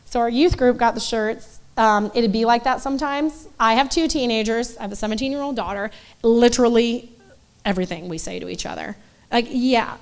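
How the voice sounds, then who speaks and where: Animated woman preaching a casual sermon. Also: a little high, a little fast. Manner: animated, acts out quoted voices, loose asides. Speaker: church speaker. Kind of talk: conversational sermon.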